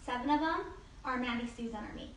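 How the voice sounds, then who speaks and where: A woman's voice: on the high side, quick pace, a bit bright. A woman giving a casual group training talk on networking, upbeat and chatty, with frequent "like" and "okay?". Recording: echoey room, mic from a distance, faint noise.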